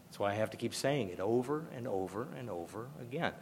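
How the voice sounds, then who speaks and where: Emphatic older preacher. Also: male voice, lowish voice, expressive, a little fast, a little mellow, husky. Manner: emphatic, conversational, repeats for emphasis. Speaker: pastor. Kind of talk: sermon.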